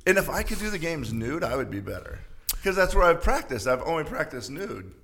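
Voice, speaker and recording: Animated man telling stories. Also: on the high side, fairly quick. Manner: animated, laughing storyteller. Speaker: arena announcer as podcast guest. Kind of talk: casual chat.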